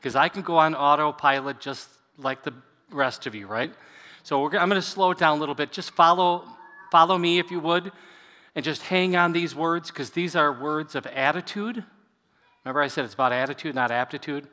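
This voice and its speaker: A man's voice: fairly high pitch, a little fast, sharp tone. A man preaching to a seated congregation as their pastor, talking in a conversational way and leading them in prayer. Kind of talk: sermon. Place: church sanctuary. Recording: echoey church hall.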